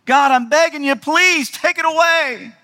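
A man's voice: very high voice, lively intonation, moderate pace, sharp tone, voice pushed up, heavily acted. A man voicing a frustrated apostle who begs God to take his burden away, in a strained, pleading voice. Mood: begging.

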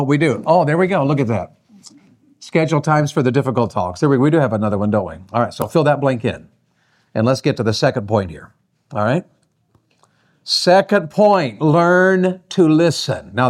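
A middle-aged man preaching a sermon on marriage, folksy and often asking his audience questions. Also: a little high. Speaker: pastor.

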